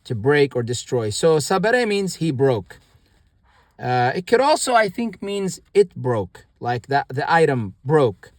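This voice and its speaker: A man teaching a casual online grammar lesson, talking haltingly with many restarts and repeating words slowly for learners. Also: a little high, very animated, no echo, studio quality. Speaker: language teacher.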